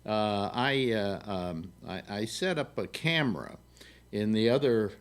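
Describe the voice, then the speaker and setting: A man's voice: on the low side, lively intonation, unhurried, clean tone. A man hosting a casual live call-in chat show from his home, rambling with lots of fillers and restarts, joking along the way. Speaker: host. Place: home studio in New York. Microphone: desktop mic, video call.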